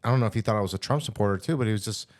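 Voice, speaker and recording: Male podcast host, casual storytelling chat, animated and profane. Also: fairly low pitch, very fast. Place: studio.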